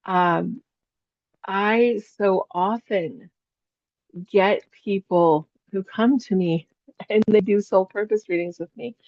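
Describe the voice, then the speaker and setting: A chatty woman who works as a psychic teaches a spiritual class, telling stories and laughing often. Her voice sits at a middle pitch. The recording is dry and a little dull, with no room sound. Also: slow pace, no echo.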